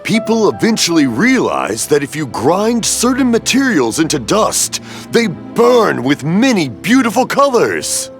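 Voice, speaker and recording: A man's voice: high voice, wildly swooping pitch, measured pace, soft background music, heavily acted. A cheerful rambling old father. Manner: rambling, mishears, laughs warmly. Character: older man, hard of hearing, cheerful rambling father. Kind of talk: video game dub.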